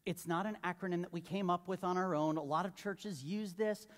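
A man's voice: high-pitched, fairly even intonation, a little fast. A male pastor preaching a sermon in a loose, conversational way, joking and putting questions to the congregation. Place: church sanctuary. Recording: long reverb of a large hall.

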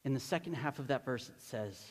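A male pastor preaching a sermon, animated and emphatic, asking the congregation rhetorical questions. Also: mid-range voice, a little fast. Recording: long hall reverb.

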